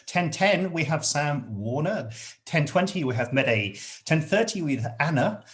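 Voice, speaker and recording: Man co-host, a bit high, very animated, jokey running commentary. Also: unhurried. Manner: jokey, lively list-reading. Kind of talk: casual livestream chat.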